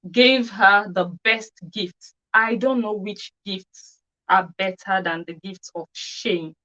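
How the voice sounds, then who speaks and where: Woman ranting on her vlog, mid pitch, sarcastic questions, kinda dull muffled audio. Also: a bit bright. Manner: scornful, rhetorical questions. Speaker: commentary vlogger. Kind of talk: opinionated commentary monologue.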